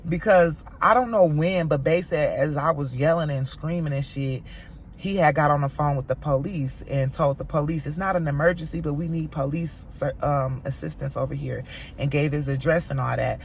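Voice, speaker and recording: A woman telling a storytime vlog to her viewers, animated and profane, acting out what others said. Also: deep voice, moderate pace, a little hiss or hum. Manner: animated, profane retelling, voicing quoted people; talks straight to viewers as "y'all". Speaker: mom vlogger.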